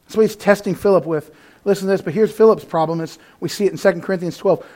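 A man preaching a sermon, conversational and animated, with sudden loud peaks and quiet asides. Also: sits high, quick pace. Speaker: pastor.

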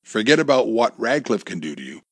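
A man's voice: medium pitch, big pitch swings, brisk, dry recording, clean studio sound. A man voicing a cruel, bossy male gunman who barks orders. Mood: threatening. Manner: barking, bullying orders. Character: menacing armed male thug, bossy, cruel.

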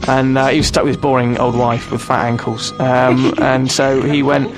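A man's voice: medium pitch, level tone, normal speed, hardly any pauses, over music. A man hosting a comedy radio show, riffing in rambling, mock-grumpy banter.

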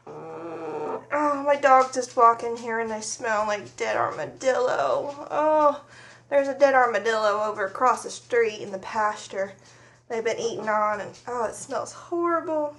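A woman's voice: fairly high pitch, lively intonation, unhurried, gravelly, a bit bright. A woman hosting a casual radio show from her farm, chatting, laughing often and talking to her animals. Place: farm home studio with dogs nearby.

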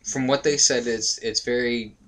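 A young man in a middle-pitched voice chats about games as a podcast co-host. He rambles and jokes in a loose, animated way. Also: normal speed, low-quality recording. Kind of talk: casual gaming podcast chat. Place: home bedroom.

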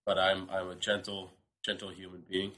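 A man of about thirty from New Hampshire joins a podcast as a guest. He has a cold, so his fairly low voice comes out nasal. He talks in a dry, sarcastic casual chat. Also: monotone, moderate pace, pushed and bright.

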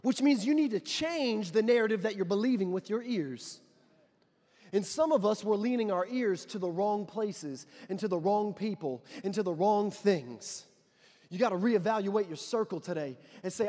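A male pastor with a very high voice preaches with passion, stacking up repeated declarations and driving them home. His words ring out with a long reverb from a large church hall. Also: lively intonation, moderate pace. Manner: impassioned, builds to loud declarations with repeated phrases. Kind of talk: sermon.

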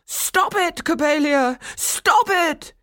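A woman's voice: high-pitched, expressive, slow, bright, forceful tone, voice pushed up, exaggerated voice. A woman voicing a frantic old male dollmaker who cries out in anguish, in a storybook reading.

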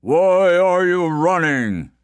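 A man voicing a huge forest giant who speaks slowly and gruffly, booming and growling in a storybook tale. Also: big pitch swings, no room sound, heavily acted.

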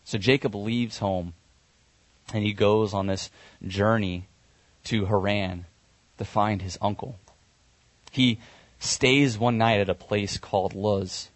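Male preacher, lowish voice, relaxed storytelling sermon with fillers and corrections, dry recording. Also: takes it slowly, long pauses, no echo. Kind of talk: sermon retelling a Bible story.

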